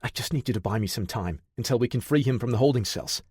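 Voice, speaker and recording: A man's voice: medium pitch, expressive, fast, darkish tone, slightly rough, no room sound, studio quality. Brief: male narrator playing a driven young programmer in an audiobook, urgent and earnest.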